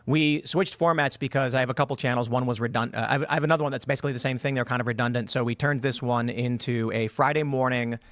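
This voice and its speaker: A man's voice: mid-range voice, steady tone, fairly bright tone, no echo, clean studio sound. Hesitant man explaining his show. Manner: halting, many fillers and restarts. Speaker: podcaster being interviewed. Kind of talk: explanatory statement in a played clip.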